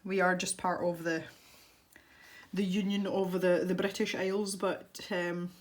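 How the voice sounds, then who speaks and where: A woman's voice: on the low side, level tone, unhurried. A Scottish woman chatting casually to viewers as she colours in her art channel video, rambling and breaking off into little laughs. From Scotland. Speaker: art YouTuber. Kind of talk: casual chat while colouring.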